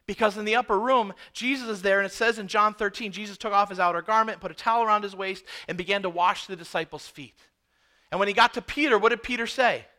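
A man preaching a sermon, telling a story with animated emphasis and many rhetorical questions. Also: high voice.

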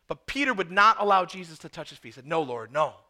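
A man delivers a sermon in a high, bright voice. He tells the story with animated emphasis and poses rhetorical questions to his listeners. His delivery is energetic. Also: fast talker. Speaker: preacher.

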